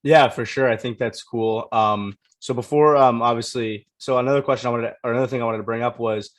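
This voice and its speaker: A man's voice: mid-range voice, fairly even intonation, a little fast. A man hosts a casual podcast interview in a middle-range voice. He keeps the talk upbeat and steers it along with easy, friendly prompts for his guest. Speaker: podcast host.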